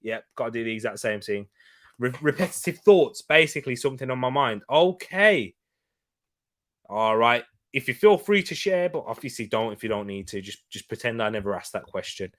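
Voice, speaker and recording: A young man hosting a casual live football watch-along, chatting and rambling between quick bursts of excitement over the match. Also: mid-range voice. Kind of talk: casual live-stream chat and match commentary.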